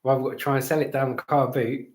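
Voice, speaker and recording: A man's voice: mid-range voice, little pitch movement, fast, echoey room. A middle-aged man hosting a casual home livestream, bantering and reading out chat messages. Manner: cheeky, banter-filled, reads out chat messages. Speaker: livestream host.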